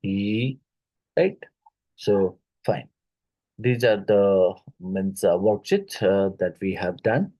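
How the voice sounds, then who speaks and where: A man with an Indian English accent leads an exam-prep phonetics lesson at an unhurried pace. His voice sits fairly low and sounds mellow and dark. He hesitates often and repeats each word slowly to show how it is said. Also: expressive, poor audio. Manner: halting, many fillers, repeats words slowly to model pronunciation. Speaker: English teacher.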